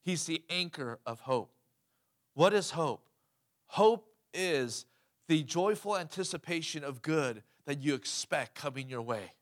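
A male pastor with a slightly high, expressive voice preaches a sermon at a measured pace. He's emphatic, asking the congregation questions and calling out "Amen?"

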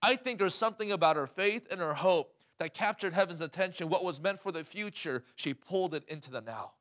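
Man, pastor, sermon, emphatic, call-and-response, fairly high pitch. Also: a little fast, a bit bright. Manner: emphatic, asks the crowd questions, calls "Amen?".

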